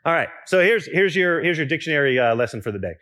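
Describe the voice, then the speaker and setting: A young man preaching a sermon in a relaxed, conversational way, with restarts and asides to the congregation. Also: on the high side, fast talker. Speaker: pastor.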